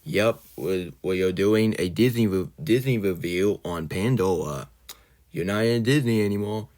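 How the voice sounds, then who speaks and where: A man's voice: deep voice, moderate pace, a little mellow. A man hosting his own channel, ranting indignantly in a casual vlog style, loosely worded and full of fillers. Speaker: channel host.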